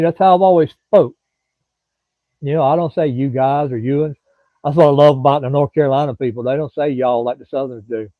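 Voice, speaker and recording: A man's voice: on the high side, no room sound. Folksy Southern man chatting on a tinny line. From Florida. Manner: rambling, folksy, drawling, chats to commenters by name. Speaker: livestream host. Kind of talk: casual live-stream chat with viewers. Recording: dry, thin phone-like sound.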